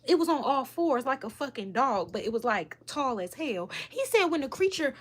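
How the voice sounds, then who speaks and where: A woman's voice: sits high, big pitch swings, normal speed. A woman vlogger casually retelling a story in a rambling, profane way, with lots of fillers.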